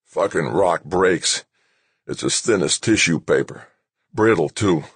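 A man doing a gruff, panting trapped astronaut. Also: deep voice, measured pace, no room sound. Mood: strained.

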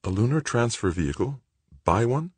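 A male narrator voicing a worried middle-aged mother who speaks in hushed, firm, questioning tones. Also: mid-range voice, big pitch swings, moderate pace, slightly rough, dry recording, pitched above the performer's own voice. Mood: firm, wary.

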